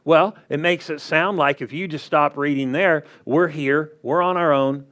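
A man's voice: a little high, fairly even intonation, a little slow, few pauses, fairly bright tone. A man preaching a sermon in a conversational way, often checking in with the congregation. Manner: conversational preaching, asks the crowd "are you with me". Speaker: pastor.

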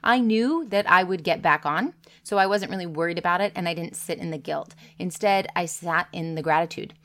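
Casting: woman coach, earnest and conversational, slightly low voice, speaking directly to her followers. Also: fairly quick, fairly bright tone. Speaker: business coach and content creator. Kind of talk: casual direct-to-camera talk.

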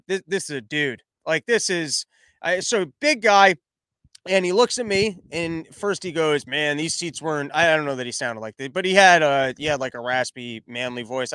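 A man's voice: high voice, a bit bright, smooth, no echo. A man telling a rambling comic story, full of stammered restarts. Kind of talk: comedic storytelling monologue.

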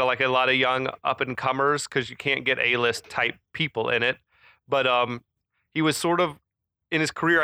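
A man co-hosting a casual movie podcast, chatty and quick to laugh, with lots of fillers. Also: medium pitch, bright, forceful tone. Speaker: podcast co-host. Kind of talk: casual chat about movies.

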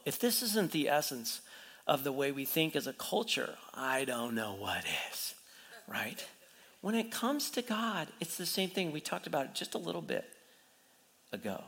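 This man preaches a sermon at full intensity, retelling a story, playing its characters, and constantly posing rhetorical questions. His voice is high, bright, and clear, and the recording has a big-room sound.

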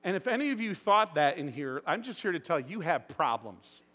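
A man's voice: a little high, a little fast. A middle-aged man preaching as pastor in a church, telling stories with acted-out quotes. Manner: animated storytelling with voiced quotes. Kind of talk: sermon. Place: church sanctuary. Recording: long hall reverb.

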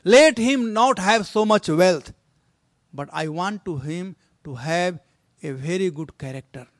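Man playing a heartbroken mother queen. Soft, consoling, slow and high. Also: lively intonation, dry recording, clean studio sound. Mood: resigned. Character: gentle grieving mother queen.

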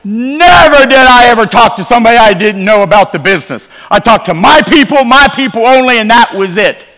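Preacher, male, high and bright voice, storytelling testimony, long hall reverb. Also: expressive, brisk. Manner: storytelling, shifts between quiet low asides and emphatic rises. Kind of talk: revival sermon testimony. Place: church sanctuary.

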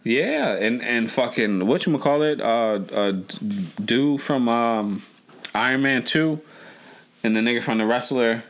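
A man's voice: medium pitch, measured pace. A man co-hosting a casual podcast chat, rambling and profane, full of fillers and restarts. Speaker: podcast co-host.

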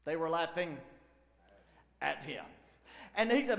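A middle-aged man and lead pastor preaching a fervent sermon, swinging between loud exclamations and low asides. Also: animated, unhurried, vocal fry. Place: church sanctuary. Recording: echoey church hall with long reverb.

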